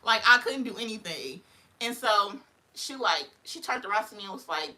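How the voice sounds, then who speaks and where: A woman's voice: medium pitch, lively intonation, normal speed, pushed and bright. A young woman, casually telling a story on a livestream, laughing often and acting out other people's voices.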